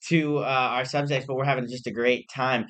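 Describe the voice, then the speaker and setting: A young man hosts a casual podcast with a mid-pitched voice. He asks his questions eagerly, with a chatty manner, often stumbling and restarting. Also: fairly even intonation, fairly quick, fairly bright tone. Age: young adult. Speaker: podcast host, student.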